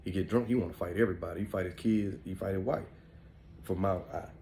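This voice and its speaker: A middle-aged man with an African American Vernacular English accent tells stories in a loose, rambling way, dropping "man" and "you know" all through. His voice sits low and mellow. A faint hum of background noise runs under it. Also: fast talker, creaky. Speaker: podcast host. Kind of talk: casual storytelling monologue.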